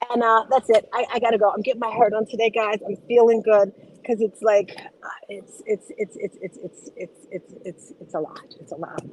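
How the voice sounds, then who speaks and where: A woman's voice: fairly high pitch, rough recording. Bubbly woman hosting a motivational show. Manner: bubbly and exclamatory, rapid-fire. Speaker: host. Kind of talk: casual motivational chat.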